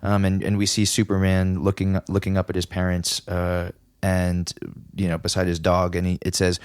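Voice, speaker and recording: A man's voice: sits low, completely flat delivery, moderate pace, darkish tone, smooth, dry recording, clean studio sound. A man co-hosting a podcast, talking eagerly about comics in a casual way. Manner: enthusiastic, reads quotes aloud. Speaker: podcast co-host.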